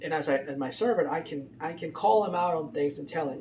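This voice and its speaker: A man's voice: a little high, brisk, darkish tone, a little hiss or hum. A man giving casual, rambling political commentary with many fillers and restarts.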